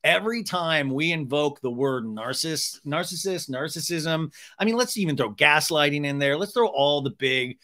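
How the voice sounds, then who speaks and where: A man's voice: on the high side, lively intonation, normal speed, hardly any pauses, pushed and bright. A man hosting a podcast, recapping TV in a chatty, joking, profane way. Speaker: podcast host. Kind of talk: casual comedic TV recap.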